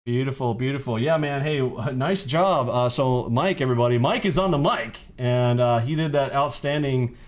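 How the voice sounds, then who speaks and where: A man's voice: mid-range voice, moderate pace, hardly any pauses. A man hosting a casual livestream on trading, brash and mocking, rambling as he takes questions from callers. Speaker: trading mentor and show host.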